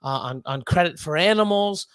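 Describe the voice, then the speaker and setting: A man hosts a casual livestream in a high, light voice. He rambles and swears, piling up fillers and repeated words. The sound is dry and close, with no room around him. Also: expressive, moderate pace, fairly bright tone, smooth, no room sound. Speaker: livestream host.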